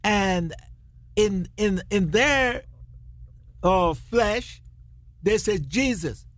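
A radio co-host teaching from the Bible in a lively, laughing way, using non-standard English grammar. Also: mid-range voice, drawn-out words, dry recording. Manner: animated, laughs often, retells scripture dramatically.

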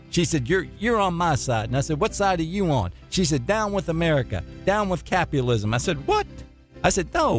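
A man preaching a fervent radio sermon, exhorting listeners and repeating phrases for emphasis. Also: on the high side.

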